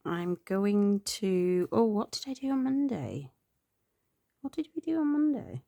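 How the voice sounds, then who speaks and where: A woman's voice: mid-range voice, expressive, a little slow, creaky, no echo, studio quality. A middle-aged woman chatting through her planners, rambling and correcting herself, tired and yawning. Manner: rambling, self-correcting, soft laughs. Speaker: planner vlogger.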